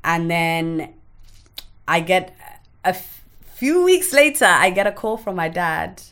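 A woman guest on a podcast tells her own story frankly and emotionally, swearing freely. Her lowish, slightly bright voice swings widely in pitch, and her delivery is halting as she often stops to restart sentences.

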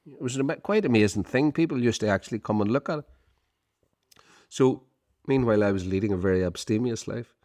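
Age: middle-aged. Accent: Irish. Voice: lowish man, rambling storyteller. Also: quick pace, a little mellow, no echo, studio quality. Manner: rambling, lots of "you know", chuckling. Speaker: podcast co-host. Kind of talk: casual storytelling chat.

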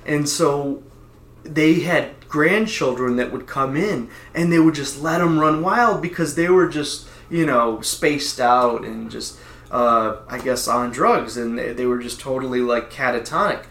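A man's voice: mid-range voice, a little slow, fairly bright tone. Rambling middle-aged man telling a story. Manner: rambling, many restarts and laughs. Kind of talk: casual storytelling. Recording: roomy echo.

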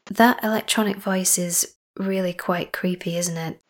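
A woman hosting a podcast, chatty and enthusiastic, sometimes dropping to a soft whisper. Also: on the low side, steady tone, unhurried. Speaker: podcast host. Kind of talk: casual podcast narration.

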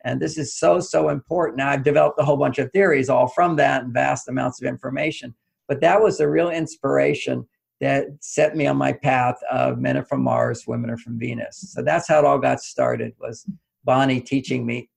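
An older man, an author guest on an interview, telling stories in an animated way and acting out quoted dialogue. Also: mid-range voice, moderate pace, vocal fry, breathy edge. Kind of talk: conversational storytelling interview.

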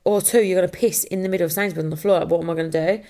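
Woman, podcast host, casual chat, lowish pitch, chatty storyteller, acts out quotes. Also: fairly even intonation, very fast, dark tone. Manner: swears casually.

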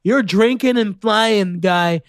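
A man from Orlando hosting a solo podcast, ranting excitably and swearing often in casual commentary. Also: high-pitched, takes it slowly, clear, resonant tone, no echo. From Orlando, Florida, USA. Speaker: podcast host.

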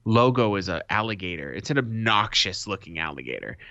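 Low punchy dude on a podcast, swears a ton, dry close mic, kinda muffled. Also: male voice, fairly quick, no room sound. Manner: animated, profane storytelling. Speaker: podcast co-host. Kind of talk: casual chat. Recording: dull lo-fi sound.

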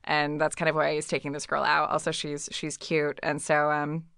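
A woman's voice: low voice, monotone, normal speed, creaky, fairly bright tone, clean tone, no room sound, studio quality. A woman co-hosting a casual chat, retelling a movie plot in a rambling, giggly way, full of fillers and restarts. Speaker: podcast co-host.

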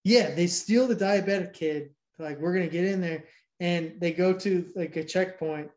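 A man's voice: high-pitched, normal speed, a little mellow. A man from Georgia co-hosting a casual chat, recapping a movie in a rambling, profane way. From Georgia, USA.

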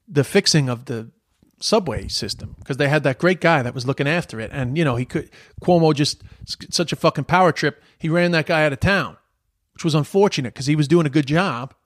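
A man's voice: fairly high pitch, fairly quick. A man, ranting about politics in a heated, exasperated, profane way. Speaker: commentator. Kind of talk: political opinion rant.

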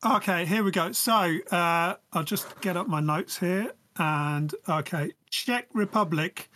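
A man co-hosting a comedy podcast, talking in a deadpan, mock-confident way. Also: high-pitched, a little slow, a little hiss or hum. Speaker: podcast co-host. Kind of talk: casual comedic chat.

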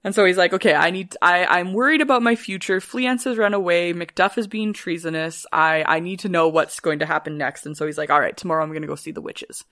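A woman retelling a story in a casual, playful podcast chat, swearing freely and quickly voicing the characters' lines. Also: fairly low pitch, a bit bright, dry recording, clean studio sound. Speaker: podcast guest retelling a play.

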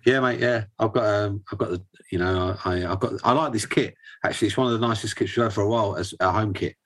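A young man and father of two, a guest on a casual video-call interview, relaxed and rambling with many fillers. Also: fairly low pitch, fast.

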